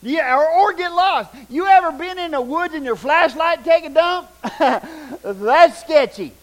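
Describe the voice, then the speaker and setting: Folksy older preacher, high-voiced. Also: male voice, a little slow, low-quality recording. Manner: folksy, animated, shouts punchlines, drops to hushed tones. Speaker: pastor. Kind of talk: sermon with storytelling.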